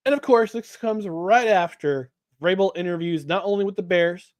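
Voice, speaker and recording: A man co-hosting a casual sports podcast, animated and sarcastic, reading statements aloud with a mocking edge. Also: high-pitched, moderate pace, dry recording. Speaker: podcast co-host.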